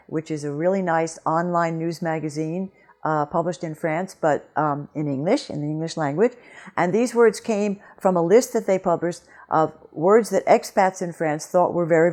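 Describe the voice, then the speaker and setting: A woman teaching French pronunciation in a video lesson, patient and deliberate, repeating words slowly to model each sound. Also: on the low side, a little mellow.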